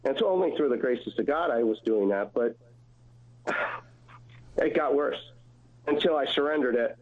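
A man calling in to tell a personal faith story, earnest and halting, often repeating his words. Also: a little high. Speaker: caller. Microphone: phone. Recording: tinny phone line on radio.

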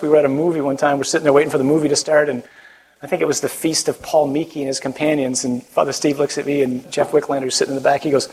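A man's voice: on the high side, little pitch movement, rapid-fire, a little mellow, rough recording. A man, a Catholic priest, giving a conversational sermon, joking with the audience and putting questions to them.

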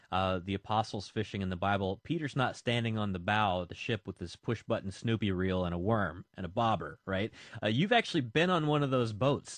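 A man hosting a radio interview in a relaxed, halting way, with plenty of fillers. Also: on the low side, no echo. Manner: casual, halting, many fillers. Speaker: radio host. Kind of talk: conversational interview.

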